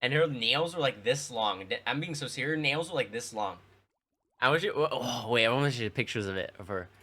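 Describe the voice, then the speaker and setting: Animated, swearing young male streamer. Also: medium pitch, fairly quick. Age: young adult. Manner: rambling, profane, lots of fillers. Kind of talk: casual storytelling to chat.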